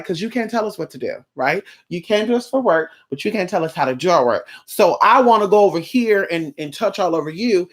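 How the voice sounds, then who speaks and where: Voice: medium pitch, a bit bright. A spiritual worker talking straight to camera in a casual vlog, blunt and profane, now and then acting out the clients in little voices.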